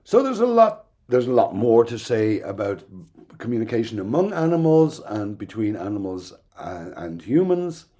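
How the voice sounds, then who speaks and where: A middle-aged man giving a recorded university lecture in an explanatory, thoughtful way, pausing now and then with "um". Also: on the low side, very animated, warm tone. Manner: explanatory, thoughtful, with occasional ums and restarts.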